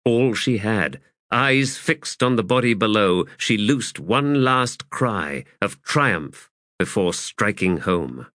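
A male narrator reads fantasy prose in a measured, unhurried voice. His pitch sits in the middle range. The recording is close and dry. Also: expressive, fairly bright tone, no echo. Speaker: audiobook narrator.

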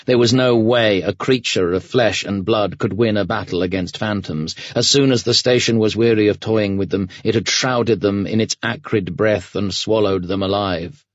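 A man narrating an audiobook in a measured, grave storytelling manner. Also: on the low side, no room sound, muffled recording. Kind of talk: scripted narration.

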